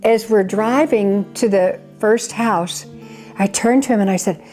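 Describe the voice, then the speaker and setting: A woman's voice: medium pitch, unhurried, a little mellow, faint music behind. An older woman, a charity founder, telling her story in an earnest, rambling way with frequent restarts. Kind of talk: personal storytelling interview.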